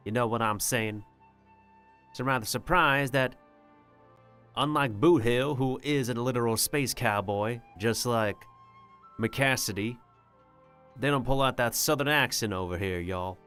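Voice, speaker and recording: A male livestreamer offers casual gameplay commentary, rambling and joking with his chat and slipping in joke drawls. His mid-range voice is clear, resonant and a bit bright, with a measured pace and long pauses, and faint music plays behind him.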